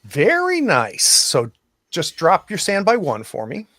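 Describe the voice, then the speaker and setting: A man acting as game master, narrating a tabletop horror game in a slow, hesitant way with many pauses and restarts. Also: sits high, huge pitch swings, fairly bright tone, no room sound.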